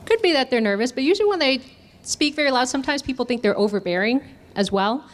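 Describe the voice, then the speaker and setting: A woman's voice: high voice, lively intonation, quick pace, slight background noise. A woman running a communication workshop, asking the audience questions and demonstrating voice techniques. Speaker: communication trainer. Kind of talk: interactive workshop teaching.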